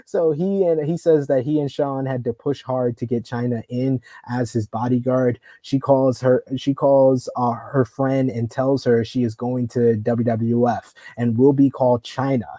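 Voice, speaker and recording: A man's voice: medium pitch, steady tone, unhurried, mellow, dry recording. Man co-hosting a wrestling review. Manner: recaps the story and reads viewer comments aloud. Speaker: wrestling show co-host. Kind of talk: casual review chat.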